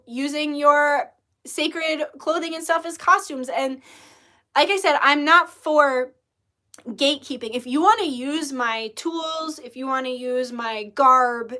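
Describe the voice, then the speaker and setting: A woman with a high, bright voice talks straight to her viewers in a loose monologue. She is blunt and heated and swears freely. Her delivery is sharp and fast to rise. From Native American. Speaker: spiritual livestream host. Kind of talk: casual monologue storytelling.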